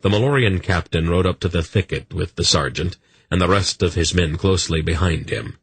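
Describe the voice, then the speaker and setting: A man reading a fantasy audiobook in a steady, measured narration. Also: low voice, slightly rough, dry recording.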